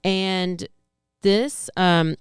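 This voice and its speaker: A woman's voice: fairly low pitch, steady tone, drawn-out words, clean tone, no echo, studio quality. A woman co-hosting a podcast, chatting casually about true-crime news in a rambling, self-correcting way. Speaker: podcast co-host.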